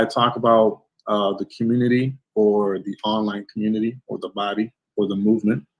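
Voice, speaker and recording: Male stream host, lower voice, gushing with thanks; warm welcome for each viewer. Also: low-quality recording. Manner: effusive, thankful, blessing-heavy. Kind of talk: livestream interview intro. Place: home setup in Florida.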